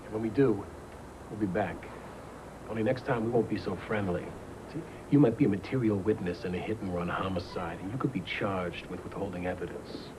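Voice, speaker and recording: Actor playing a brusque American detective. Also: male voice, fairly low pitch, fairly quick, close to an everyday voice. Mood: threatening. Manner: brusque, pushy questioning. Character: blunt American police detective. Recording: noisy old videotape broadcast.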